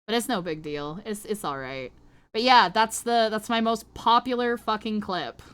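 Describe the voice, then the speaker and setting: A woman's voice: mid-range voice, normal speed, a bit bright, clean tone. A woman streamer chatting casually with her viewers while she draws, playful, flirty and crude. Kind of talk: casual livestream chat while drawing.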